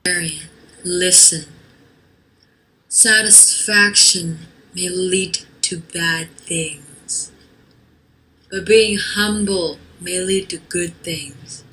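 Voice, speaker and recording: A woman's voice: on the low side, fairly even intonation, very slow, exaggerated voice, poor audio. A woman doing a soothing, caring mother. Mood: tender. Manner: soft, soothing and encouraging.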